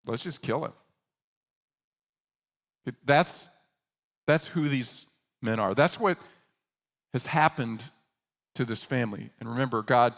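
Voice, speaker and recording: Animated male pastor preaching. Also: medium pitch, gravelly, big-room sound. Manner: animated storytelling, acting out quoted characters. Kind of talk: sermon.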